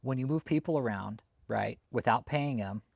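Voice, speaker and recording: A man hosting a livestream who rants heatedly, swears often and bursts out loudly as he talks to his chat. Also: mid-range voice, moderate pace, gravelly, breathy edge, no echo, clean studio sound. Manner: heated and swearing, with loud outbursts. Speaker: livestream host reading chat. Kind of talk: profane ranting live commentary.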